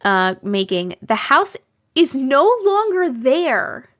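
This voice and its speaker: A woman with a New York accent and a high, sing-song, somewhat bright voice speaks slowly while hosting a casual live stream. She reads out viewer stories, chatting with her audience and often exclaiming and laughing.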